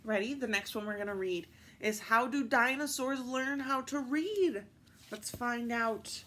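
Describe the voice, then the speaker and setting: A woman reading picture books aloud at story time, expressive and adding little asides to her listeners. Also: fairly high pitch, a little slow.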